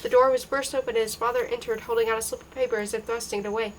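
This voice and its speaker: A woman reading a novel aloud in an even, unhurried way, lightly voicing the dialogue. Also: on the high side, slight background noise, poor audio. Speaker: reader.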